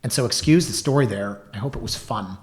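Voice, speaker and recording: A man in his forties hosting a talk show, telling stories with sarcastic asides and lively emphasis. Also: on the low side, fairly quick, roomy sound. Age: 40s. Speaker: host. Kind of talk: casual monologue.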